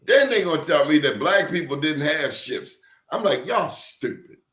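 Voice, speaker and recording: A man's voice: on the high side, expressive, moderate pace, a bit bright. A man in casual conversation, telling stories emphatically with blunt slang. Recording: roomy echo.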